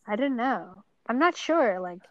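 A young woman co-hosting a casual chat, soft-spoken, often trailing off and filling gaps with "like.". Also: on the high side, animated, a little slow, no echo, dull audio. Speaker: podcast co-host.

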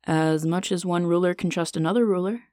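A woman's voice: lowish voice, fairly quick, a little mellow, no echo, clean studio sound, close to an everyday voice. A woman reading the lines of a polite, slightly awkward young man who is earnest and apologetic. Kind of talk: audiobook character reading.

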